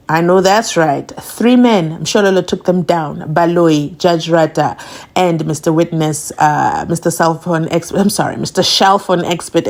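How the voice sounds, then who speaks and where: Woman, talk-channel host, animated, emphatic, quick delivery, casual reactions. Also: on the low side. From South Africa. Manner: animated, emphatic, talks fast. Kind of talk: casual commentary reading viewer comments.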